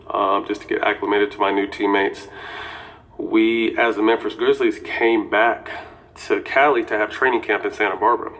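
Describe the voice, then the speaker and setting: A man's voice: on the low side, fairly bright tone, rough recording. A man in his forties telling a personal story casually and candidly, with swearing and lots of "you know".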